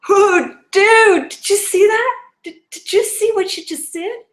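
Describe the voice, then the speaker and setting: A woman voicing a young male friend who is excitable and teasing, in a story told aloud. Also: sits high, a little slow, echoey room. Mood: excited. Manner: excited, teasing, breathless delivery.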